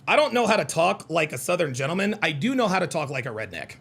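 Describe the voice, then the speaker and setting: A man's voice: fairly high pitch, big pitch swings, fast, creaky, a bit bright, husky. A man hosting a live call-in stream, combative and mocking, often repeating himself as he reacts to clips and chat. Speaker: live call-in show host. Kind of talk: heated live-stream commentary.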